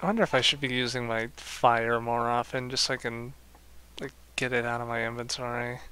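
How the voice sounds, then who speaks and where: Man, streamer, casual gameplay commentary, wry, bright voice, faint background noise. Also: mid-range voice, fairly even intonation, brisk. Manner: musing, wry.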